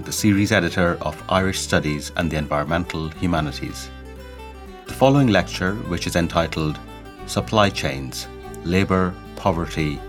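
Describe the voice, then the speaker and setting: Low-voiced man doing a formal podcast intro, guitar music under him. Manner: formal, announcing. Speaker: series editor introducing a lecture.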